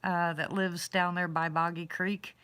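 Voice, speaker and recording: A chatty woman hosting a relaxed talk show, her voice sitting a little low. She tells stories freely and laughs easily, speaking gratefully and with plain faith. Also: measured pace, smooth. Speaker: host. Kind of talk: casual chat.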